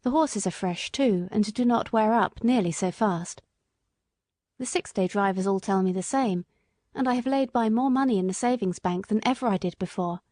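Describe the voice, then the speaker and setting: Brief: a woman reading as an earnest working-class cabman, mellow and dry-toned. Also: mid-range voice, moderate pace, no echo, natural voice.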